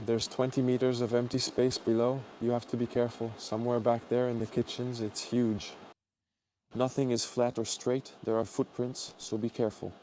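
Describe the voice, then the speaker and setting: Excitable man with a mellow voice. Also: medium pitch, slight background noise. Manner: excitable, exclamatory, guiding viewers. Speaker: urban explorer vlogger. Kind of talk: exploration vlog commentary.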